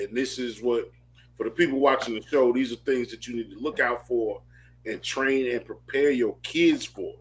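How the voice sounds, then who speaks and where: A man hosting a casual interview, speaking in a measured way and giving advice to viewers. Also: mid-range voice. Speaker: host.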